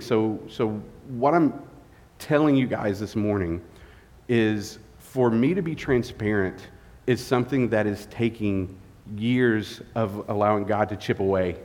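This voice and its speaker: A man, a guest pastor, preaching a sermon, candid and tired, halting with fillers. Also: on the low side, darkish tone. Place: church sanctuary. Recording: long reverb of a church hall.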